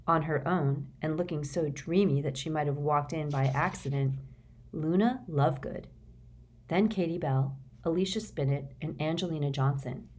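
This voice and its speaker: Female audiobook narrator, deep-toned, measured delivery. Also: darkish tone.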